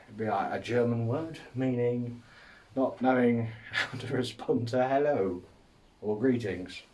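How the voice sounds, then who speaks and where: A man rambles through a loose comic monologue, full of "like" and "um" and chuckling at his own jokes. His voice sits at an ordinary middle pitch and sounds a little distant from the mic. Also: measured pace, a little mellow. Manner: rambling, self-amused, full of fillers. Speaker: podcast host. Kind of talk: casual comedic monologue.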